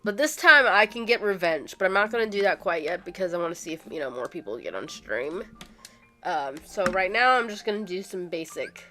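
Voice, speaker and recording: Hoarse rambling woman streamer. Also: lowish voice, expressive, brisk, sharp tone, faint music behind. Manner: rambling, lots of fillers and restarts. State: hoarse from a cold. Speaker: gaming streamer. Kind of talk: casual livestream chat. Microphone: streaming microphone.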